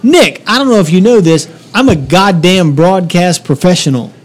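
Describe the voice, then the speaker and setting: Profane, storytelling man, slightly high voice. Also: expressive, normal speed. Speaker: podcast co-host. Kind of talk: casual chat, storytelling.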